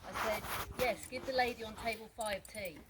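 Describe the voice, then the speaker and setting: A woman reads a eulogy for a friend at a memorial gathering, her fairly high voice steady and fairly quick as she shares fond stories and often breaks into laughter. The background is noisy.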